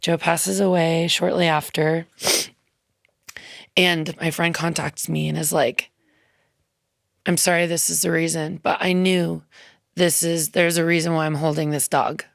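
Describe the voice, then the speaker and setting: A woman with a low, gravelly voice tells a heartfelt story, chatty and loose, full of ums and little quoted asides. She is a guest in a radio studio, and her voice sounds dry and close to the mic. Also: little pitch movement, measured pace, pauses often, no room sound. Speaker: musician guest. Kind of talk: casual interview storytelling.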